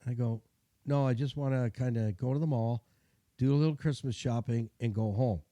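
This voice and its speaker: A middle-aged mechanic with a brisk, mellow, mid-range voice tells a chatty, self-deprecating story and shares car care tips. The recording is dry, and the talk is casual storytelling mixed with advice.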